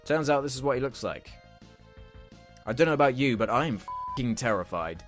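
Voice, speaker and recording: A man's voice: low voice, fairly even intonation, a little fast, soft background music. A young man hosting a comedy rant show, sarcastic and exasperated, swearing freely.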